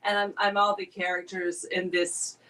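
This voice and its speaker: A woman's voice: mid-range voice, normal speed. A woman in her thirties with a transatlantic accent, telling stories as a guest in a casual chat and laughing often. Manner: animated storyteller, laughs often. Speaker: guest performer.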